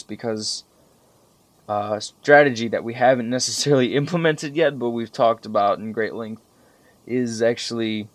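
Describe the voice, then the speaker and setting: A young man giving casual, profanity-laden commentary over strategy game footage, rambling and getting animated when he recalls frustrating moments. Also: medium pitch, no room sound. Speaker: gameplay commentator.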